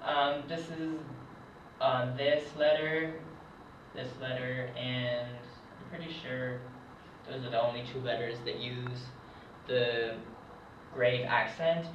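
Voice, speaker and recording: Slow, hesitant young man teaching. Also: mid-range voice, little pitch movement, background noise. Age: young adult. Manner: hesitant, many ums, slow and unhurried. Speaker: hobbyist French teacher. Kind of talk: casual whiteboard lesson. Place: room, writing at a board. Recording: echoey, distant, dull lo-fi camera audio.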